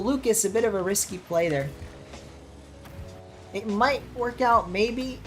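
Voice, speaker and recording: An American woman who streams and casts chats casually with viewers while playing, reacting to both the match and the chat. Her voice is medium in pitch, she speaks a little slowly, and she leaves long pauses.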